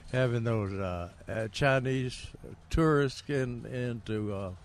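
A man's voice: medium pitch, slow pace, a little hiss or hum. An older man co-hosting a gardening radio show, telling rambling stories with lots of fillers and chuckles. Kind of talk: casual radio chat.

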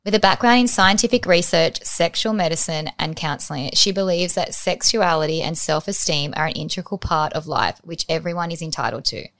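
A woman's voice: low-pitched, brisk, hardly any pauses, a bit bright. A woman co-hosting a podcast, reading a scripted guest introduction with chatty, lightly laughing asides. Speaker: podcast co-host.

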